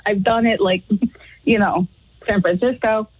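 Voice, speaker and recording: A woman's voice: mid-range voice, steady tone, measured pace, husky, no room sound, phone-quality sound. A woman from Puerto Rico calling into a radio show, upbeat and giggly. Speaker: caller. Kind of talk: phone call to a radio show.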